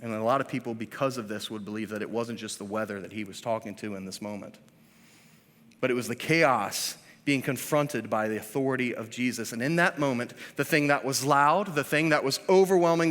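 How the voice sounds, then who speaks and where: A man in his thirties preaching a sermon as pastor. He swings between hushed, drawn-out lines and loud, emphatic ones, with self-deprecating asides. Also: medium pitch. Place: church. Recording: reverberant church sanctuary.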